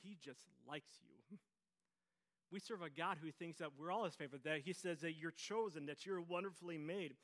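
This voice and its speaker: Bright-voiced energetic male pastor. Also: a little high, normal speed. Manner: energetic storytelling preacher, repeats phrases. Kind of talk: sermon.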